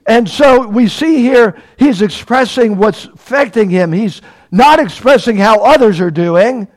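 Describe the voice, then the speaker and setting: Slow, emphatic high-voiced preacher man. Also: animated. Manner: emphatic, repeats key phrases, asks the congregation questions. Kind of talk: sermon.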